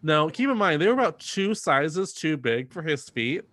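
A man hosting a casual chat, animated and laughing often, slipping into quoted voices. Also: on the high side, moderate pace, dry recording, studio quality. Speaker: podcast host and theater performer.

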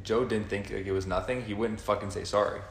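A man co-hosting a casual podcast chat, easygoing and quick to laugh. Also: fairly low pitch, fairly even intonation, reverberant.

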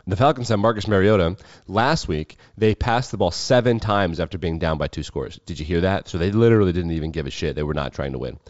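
A man hosting a casual solo sports talk show, profane and wry with quick asides. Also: low-pitched, darkish tone, no room sound, highs cut off. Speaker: sports betting show host.

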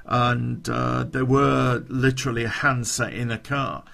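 Gravelly storyteller, laughing often. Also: male voice, medium pitch, flat delivery, a little slow, fairly bright tone. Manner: chuckling, swearing, rambling. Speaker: podcast storyteller. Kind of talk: casual anecdote telling.

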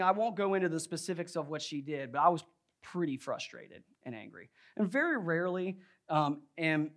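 A man's voice: on the high side, a bit bright. A young adult male pastor preaching a sermon in a conversational, storytelling way, often saying "like" and "right?".

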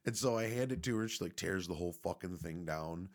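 A man's voice: sits low, fast talker. A young man casually telling a rambling personal story, laid-back and swearing often.

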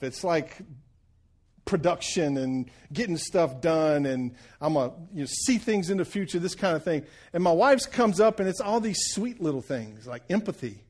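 A man's voice: high voice, a little mellow. A man in his forties preaching a sermon, folksy and joking, often checking in with the congregation. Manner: folksy storytelling with jokes and audience check-ins. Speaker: pastor.

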